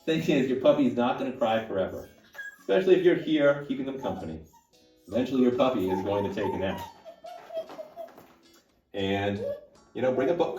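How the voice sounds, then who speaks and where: Male trainer on camera in a roomy space, away from the mic: relaxed, gentle and soothing, a puppy whining nearby. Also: medium pitch, moderate pace, pauses often, recorded from a distance, over music. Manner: soothing, soft talk to a puppy. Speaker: dog trainer. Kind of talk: casual on-camera demonstration.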